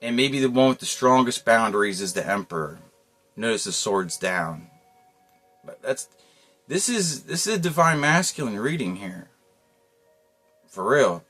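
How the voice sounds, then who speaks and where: A man's voice: medium pitch, sing-song, unhurried, pauses often, a bit bright, faint music behind. A man giving a casual tarot reading, talking in a loose, rambling way with lots of slang and frequent chuckles. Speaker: tarot reader.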